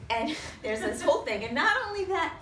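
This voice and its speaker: A woman telling a lively personal story to a small audience, acting out other people's voices and swearing casually. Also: sits high, a little fast. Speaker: storyteller on a talk show. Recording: roomy sound from a distance with faint noise.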